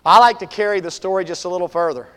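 Preacher man, high voice, dramatic storytelling, long echoey hall. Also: racing. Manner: vivid, swings from loud to hushed. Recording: long reverb of a large hall.

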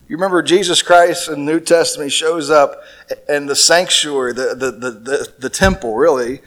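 A man preaching a sermon, talking slowly with many stammered restarts and voicing quotes from scripture. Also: a little high, a bit bright.

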